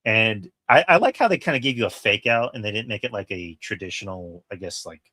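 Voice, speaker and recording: A man co-hosting a podcast, chatting casually and excitedly about a film, swearing freely and acting out quoted lines. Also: lowish voice, fairly quick, no echo. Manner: excited, profane, retells scenes with quoted lines. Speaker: podcast co-host. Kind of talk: casual film review chat.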